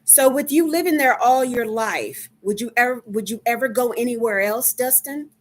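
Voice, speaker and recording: A woman in her fifties from Dallas with a Texan accent, chatting casually with viewers on a live stream, unhurried and full of ums. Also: fairly high pitch. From Dallas, Texas. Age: 50s. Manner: slow, chatty, many ums.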